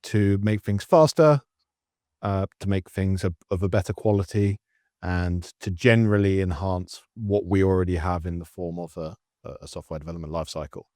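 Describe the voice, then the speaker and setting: Low-voiced man hosting a tech podcast. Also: normal speed, dark tone, no room sound, clean studio sound. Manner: easygoing, explanatory, with filler ums and restarts. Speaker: podcast host.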